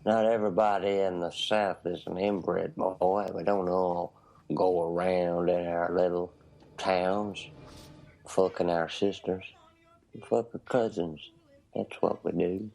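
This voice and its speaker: A man putting on a gravelly Southern redneck drawl. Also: low voice, level tone, slow, a little mellow, exaggerated voice, rough recording. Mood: mocking. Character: crude mocking American Southern man.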